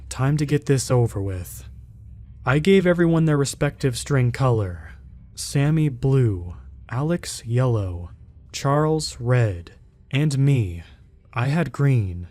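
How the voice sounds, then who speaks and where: A man narrates a scripted first-person horror story in a measured, even storytelling manner. His voice is dark and mellow, with faint music underneath. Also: medium pitch.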